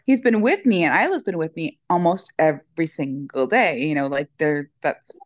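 A middle-aged woman chatting in an interview, telling animated stories with lots of fillers. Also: low-pitched, moderate pace, dry recording. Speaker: dog owner guest. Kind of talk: casual interview chat.

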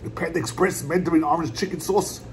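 A man in a casual home eating vlog, rambling along in a relaxed, repetitive way as he talks to his viewers. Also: a little high, quick pace, slight background noise. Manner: laid-back, rambling, repeats "my brothers" and "puppy". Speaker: mukbang vlogger. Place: at home, indoors.

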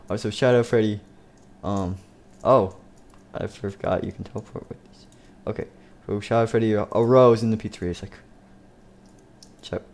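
A man's voice: on the low side, fairly even intonation, a little mellow. Rambling man narrating a game. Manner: rambling, halting. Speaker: youtuber.

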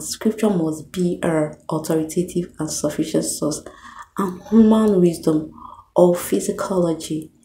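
A woman's voice: deep voice, vocal fry, mellow. A woman teaching a devotional Bible lesson, exhorting her listeners and calling them beloved. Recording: echoey room with faint hiss.

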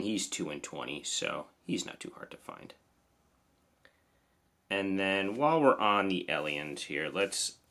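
A man's voice: low-pitched, bright, forceful tone. A man with a New Jersey accent casually reviewing toy figures, chatty and enthusiastic. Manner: enthusiastic, chatty, lots of "awesome".

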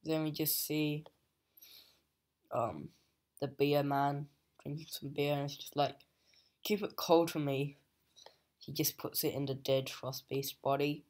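In an unhurried, stretched-out recap of a comic's story, a young adult reviewer speaks in a flat, mid-range monotone that barely rises or falls. The delivery is hesitant, peppered with fillers and "just like."

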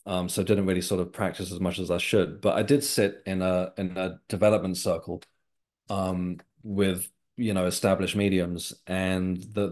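Deep-voiced man telling a story. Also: a little mellow. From England. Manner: reflective, unhurried, sincere. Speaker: guest, author and developing medium. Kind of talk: personal storytelling in a casual interview.

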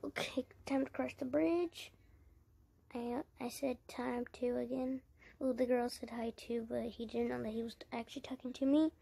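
A woman's voice: a little high, fairly even intonation, normal speed, creaky, mellow, husky. A woman giving casual let's-play commentary, narrating her own moves and chatting to her viewers. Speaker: gaming channel creator.

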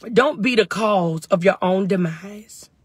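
A woman's voice: medium pitch, takes it slowly, slightly rough, no room sound, studio quality. A woman fervently on a phone live stream from her parked truck, answering viewers' comments in call-and-response. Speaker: faith and wellness livestream host.

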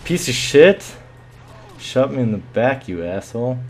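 A man's voice: mid-range voice, sing-song, a little slow, darkish tone, slight background noise. A man commentating his own shooter match live, muttering and swearing with sudden yelps.

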